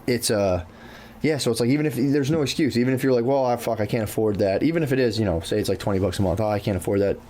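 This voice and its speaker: A man's voice: medium pitch, very fast, mellow. A man co-hosting a podcast in loose casual chat, swearing freely, saying "dude" often and acting out his own thoughts. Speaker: podcast co-host.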